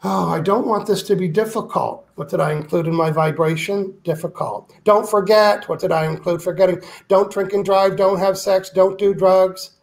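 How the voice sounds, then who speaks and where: Brief: man, higher voice with gravel, emphatic guest author acting out examples. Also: fairly even intonation, normal speed, hardly any pauses. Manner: emphatic, acts out quoted complaints. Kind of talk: animated interview talk.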